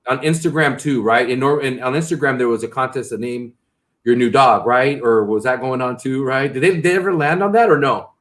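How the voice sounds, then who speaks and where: A man's voice: mid-range voice, brisk, a bit bright. A man hosting a casual interview, rambling with many restarts and tag questions. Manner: rambling, frequent restarts and "right?" tags. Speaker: interview host.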